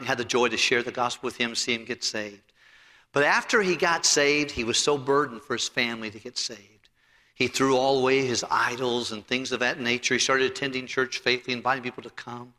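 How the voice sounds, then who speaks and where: A man preaching a sermon as pastor, telling stories from the pulpit, rising to loud emphasis and dropping to quiet asides. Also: medium pitch. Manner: preachy and anecdotal, swings between loud emphasis and soft asides. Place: church sanctuary. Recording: long hall reverb.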